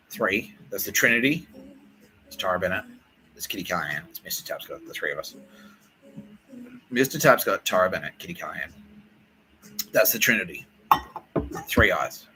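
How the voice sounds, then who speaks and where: Profane, excitable man riffing. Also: low-pitched, slight background noise, poor audio. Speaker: podcast host. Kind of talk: rambling comedic monologue.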